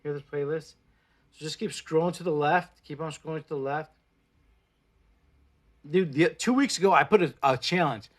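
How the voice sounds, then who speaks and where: A man in his forties, Spanish his first language and Mexico his home, chats on an indoor livestream as a plant-based food vlogger, offering blunt pep talks and swearing freely. His slightly high voice moves at a normal speed, broken by long pauses.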